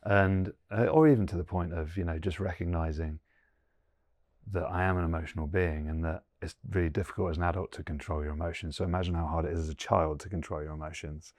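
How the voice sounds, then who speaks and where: A man's voice: deep voice, fairly even intonation, fast, darkish tone, no echo. A man in his forties, a guest in an interview, talking earnestly and thinking aloud with many fillers. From England. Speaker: guest, former rugby player. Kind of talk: reflective interview conversation.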